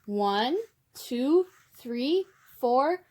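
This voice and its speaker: A young woman reading a picture book aloud to children, gentle, calling her listeners friends and gasping for effect. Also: high-pitched, lively intonation, drawn-out words. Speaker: children's storyteller.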